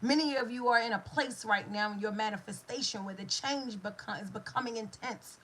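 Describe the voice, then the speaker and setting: A middle-aged woman speaks with a bright, forceful tone that carries a husky edge. She delivers a motivational talk as a manifestation coach, repeating key lines like a preacher and breaking into lively asides. Her voice sits a little high for a woman. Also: fairly quick, rough recording.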